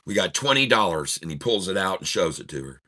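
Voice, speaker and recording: The host of a day-trading channel, with a low, sharp voice that swings widely in pitch, talks fast as he tells a long, rambling joke. He restarts often and laughs at his own jokes before shifting to market talk.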